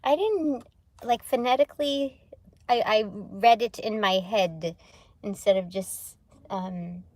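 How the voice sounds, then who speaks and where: Slow, rambling, laughing woman. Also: medium pitch, a little mellow, no room sound. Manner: rambling, laughs often, swears casually. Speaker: livestream tarot reader. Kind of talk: casual spiritual livestream chat.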